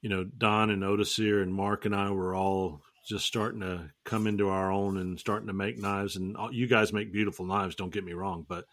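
Lower-voiced joking man host. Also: flat delivery, moderate pace, hardly any pauses, fairly bright tone. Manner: joking, teasing, rambling. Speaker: podcast host. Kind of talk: casual roundtable chat.

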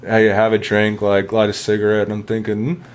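A man's voice: fairly low pitch, completely flat delivery, brisk. A man telling an army story in casual talk, rambling, swearing heavily and laughing along.

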